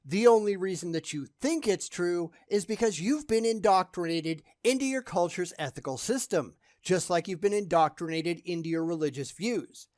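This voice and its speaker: A man's voice: high voice, lively intonation, normal speed, hardly any pauses, darkish tone, no room sound, studio quality. Blunt, mocking male commentator. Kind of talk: sarcastic reaction commentary.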